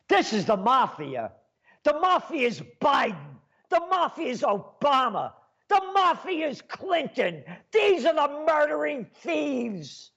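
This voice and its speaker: A man ranting sarcastically as a commentator, scornful, with sudden bursts of loud speech. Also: very high-pitched, sing-song, a little slow. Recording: dull lo-fi sound.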